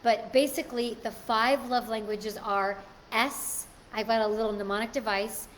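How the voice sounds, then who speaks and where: A woman's voice: fairly high pitch, fairly even intonation, moderate pace, slight background noise. Chatty woman hosting a live stream. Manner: chatty, reads and answers viewer comments. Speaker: livestream host. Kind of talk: casual live-stream chat with viewers.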